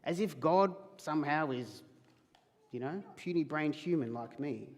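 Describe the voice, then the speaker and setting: A man's voice: on the high side, measured pace, long reverb tail. A man preaching a sermon as pastor, emphatic, acting out quoted questions. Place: church hall.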